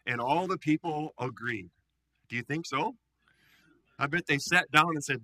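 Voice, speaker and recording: A man pastor reading a Bible story aloud in a sermon, animated, with playful asides to the listeners. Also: medium pitch, moderate pace, low-quality recording.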